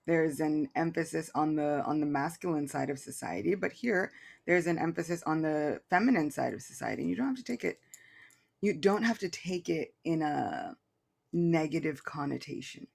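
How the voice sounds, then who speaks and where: Gravelly guy on a podcast, rambling thoughtfully through a scripture passage, lots of likes and restarts. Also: fairly high pitch. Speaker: co-host reading and explaining scripture. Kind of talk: casual podcast discussion.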